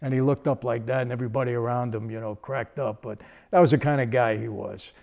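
A man's voice: mid-range voice, fairly even intonation, quick pace, gravelly, a little mellow. A man, telling a story in a casual, conversational way with frequent asides. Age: 60s.

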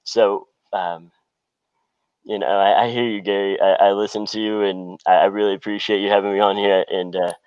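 A man calling in to a Q&A show, talking earnestly and hesitantly with many pauses and restarts. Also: lowish voice, little pitch movement, a little mellow, smooth, dry recording, lo-fi sound. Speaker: caller on a Q&A show.

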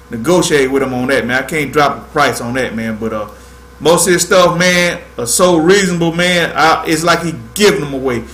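A man's voice: a little high, fairly bright tone. Laid-back man, roomy echo. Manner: laid-back, drawling, peppers speech with "man". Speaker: host of a fishing livestream. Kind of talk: casual livestream tutorial.

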